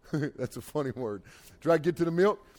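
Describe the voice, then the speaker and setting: A man's voice: a little high, lively intonation, normal speed. A middle-aged man, preaching a folksy youth sermon. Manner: folksy storytelling, rises and drops in loudness. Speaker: youth pastor.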